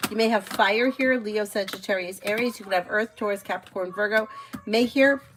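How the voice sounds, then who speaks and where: A woman giving casual tarot readings on a live stream, chatty and quick to laugh, with lots of fillers. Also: mid-range voice, noisy background. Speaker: tarot reader.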